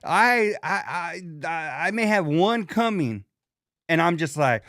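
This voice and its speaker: A man hosts a loose podcast chat in a voice pitched a little high that leaps up and down with energy. He talks in slang and acts out what people said. The sound is dry and close. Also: a little slow, no echo. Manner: animated, slangy, acts out quoted lines. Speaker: podcast host. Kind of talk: casual chat.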